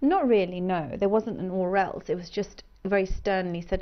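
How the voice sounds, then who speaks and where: A woman's voice: fairly low pitch, normal speed, few pauses. A woman guest on a discussion show, speaking earnestly and reflectively, with hesitations. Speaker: guest sharing her experience. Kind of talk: personal discussion. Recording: slightly dull lo-fi sound.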